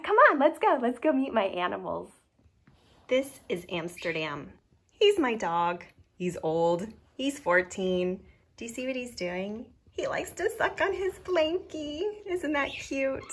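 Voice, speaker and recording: A woman preschool teacher at home, talking to young children in an animated, questioning way. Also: on the high side, husky. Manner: animated and questioning, exaggerated for kids. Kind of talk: addressing young children in a video. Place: her home, indoors.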